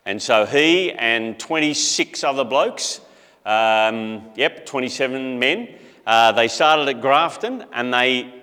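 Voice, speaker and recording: A man's voice: medium pitch, sharp tone, big-room sound. A middle-aged man, telling a story in a casual, conversational talk full of asides. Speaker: speaker.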